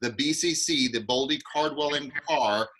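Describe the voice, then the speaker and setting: A man's voice: medium pitch, normal speed, pushed and bright, rough recording. A man hosting an online acting class over a video call, enthusiastic and encouraging.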